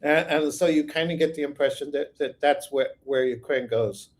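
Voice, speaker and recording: A man's voice: fairly high pitch, normal speed. A man hosting a psychic channel, reading out viewer questions and answering them in a rambling, think-aloud way. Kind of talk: live viewer Q&A.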